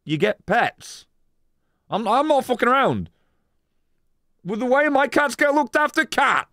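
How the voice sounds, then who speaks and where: A man's voice: extremely high pitch, very animated, a little slow, bright, forceful tone, no room sound, studio quality. A man casually chatting on a live stream, rambling and swearing, laughing often as he reads chat.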